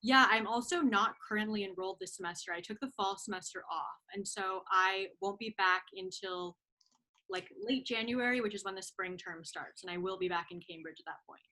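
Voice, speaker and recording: A woman's voice: medium pitch, sharp tone. A woman in her twenties, a podcast guest, speaking eagerly and casually with filler "like". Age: 20s. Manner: eager, quick, uses "like". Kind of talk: casual interview talk.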